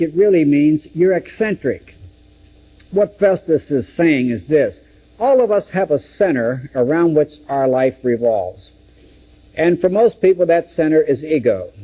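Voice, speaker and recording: A man's voice: a little high, dark tone, slightly rough, low-quality recording. A man teaching through a Bible book, dramatically acting out the quoted speeches. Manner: dramatic, acts out scripture quotes.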